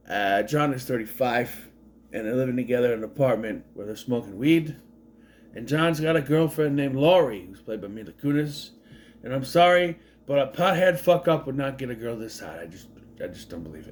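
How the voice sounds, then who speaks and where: A man casually recapping a film, wry and digressive, with frequent restarts and asides. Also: mid-range voice. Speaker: movie recapper.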